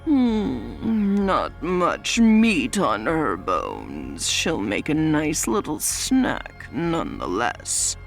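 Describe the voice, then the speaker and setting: A woman voicing a hungry male wolf creature with a raspy, hissing voice, drawn out slow and deep. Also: huge pitch swings, faint music behind, heavily acted. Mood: growling hungry.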